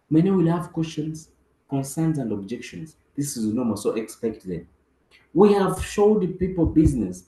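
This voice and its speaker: A man's voice: on the high side, mellow, roomy sound, poor audio. A man giving a motivational training talk as a business team trainer, acting out dialogue and repeating words for emphasis.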